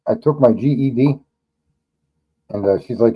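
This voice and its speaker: A man's voice: medium pitch, a little fast, long pauses, breathy edge, dull audio. Blunt, profane New man. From New York. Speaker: livestream host. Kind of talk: casual livestream chat.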